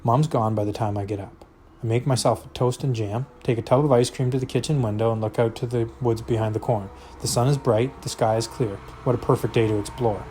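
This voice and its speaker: A man's voice: medium pitch, fairly even intonation, a little fast, mellow, slight background noise. A man reading a novel aloud, narrating expressively in the first person. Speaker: reader.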